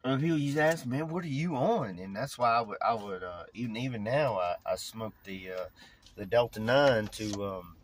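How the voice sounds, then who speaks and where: A man with a Southern drawl vlogging casually, rambling in a folksy, animated way. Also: on the low side, moderate pace. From Virginia. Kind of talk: casual chat, vlogging while driving.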